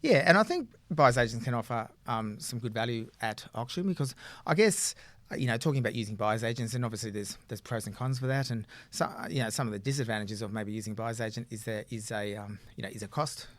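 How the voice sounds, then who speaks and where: A man's voice: mid-range voice, quick pace, dry recording. A man, a buyer's agent explaining his work in casual podcast chat, rambling with frequent fillers.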